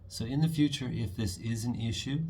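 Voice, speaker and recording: A man's voice: mid-range voice, normal speed, a little mellow, breathy edge. A man giving a casual, enthusiastic tarot reading, chatty and often acting out imagined quotes. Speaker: tarot reader.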